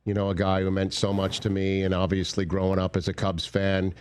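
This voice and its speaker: Male talk host, very low voice, sympathetic and conversational. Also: completely flat delivery, brisk, a little mellow, slight background noise. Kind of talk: sports talk show hosting.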